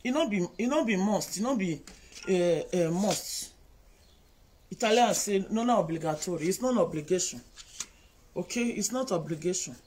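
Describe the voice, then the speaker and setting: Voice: medium pitch, animated, normal speed, pauses often, darkish tone, a little hiss or hum, poor audio. A speaker with a Nigerian accent lecturing online commenters in a scolding, repetitive monologue.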